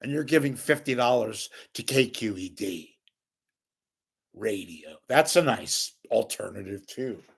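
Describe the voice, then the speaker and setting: A man's voice: on the low side, expressive, a little slow, gravelly, breathy edge. An older man giving a sarcastic, scornful solo rant as a media commentator, swearing freely.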